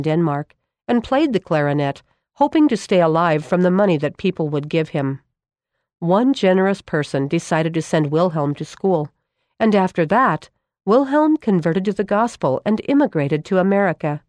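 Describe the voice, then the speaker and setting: A woman narrates a storybook aloud in a calm, measured way. Her voice is on the low side, and the recording is close and dry with no room echo.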